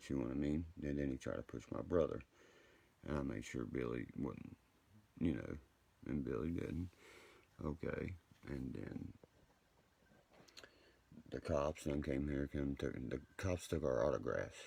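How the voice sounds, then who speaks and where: A man with an extremely low, gravelly voice rambles through a late-night livestream. His delivery is profane and meandering, with a husky, rough edge to every line. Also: animated, measured pace, pauses often, dark tone.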